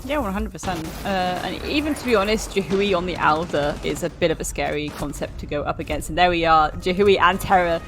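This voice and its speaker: A British woman doing color commentary on an esports match, playful and animated. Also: on the low side, brisk, hardly any pauses, over music. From Britain. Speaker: esports caster.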